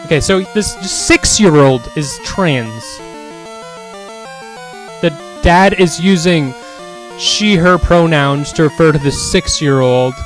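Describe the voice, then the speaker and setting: Faint music plays behind a man whose voice sits on the high side and moves slowly. He chats casually on stream, reads viewer comments aloud, and meanders through his thoughts with frequent restarts and self-doubt, his tone rising in volume and heat as it goes on.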